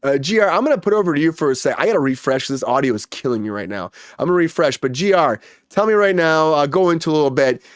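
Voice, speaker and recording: Fast, chatty man hosting a call. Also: fairly high pitch, lively intonation, dry recording, clean studio sound. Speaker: host. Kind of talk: casual panel chat. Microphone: video call.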